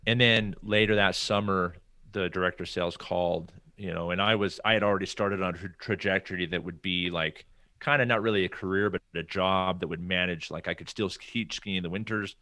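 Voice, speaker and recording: A middle-aged American man with a low voice tells a story as a podcast guest, animated and acting out the conversations. The recording is dry and close. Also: brisk, no echo. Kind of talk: casual storytelling interview.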